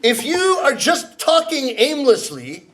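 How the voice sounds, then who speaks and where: This man's very high voice swings hugely in pitch and has a fairly bright tone, and he speaks slowly. A rakugo storyteller from Canada, he performs comedic stories live in a theater, teasing the crowd playfully and voicing the characters he quotes.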